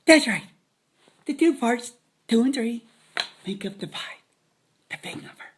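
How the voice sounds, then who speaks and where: High, husky woman; playful kids' math teacher with silly asides. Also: animated, measured pace.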